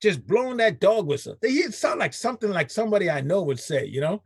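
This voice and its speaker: A male radio host with a gravelly, husky voice that swings widely in pitch as he riffs emphatically. He sits close to a dry mic and talks casually with his co-host. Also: fast, no echo. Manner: animated, emphatic, laughing, puts on voices.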